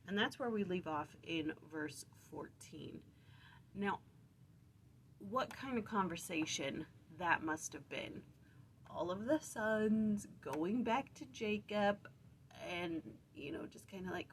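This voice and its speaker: A woman's voice: mid-range voice, expressive, slow, slight background noise. A woman leading a casual early-morning scripture study, chatty and self-correcting as she retells the story. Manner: chatty, self-correcting, acts out quotes playfully.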